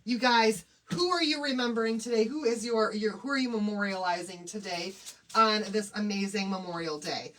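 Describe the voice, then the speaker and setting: A woman's voice: mid-range voice, normal speed, a bit bright, slight background noise. A woman hosting a casual craft livestream, bubbly and chatty as she greets viewers one by one.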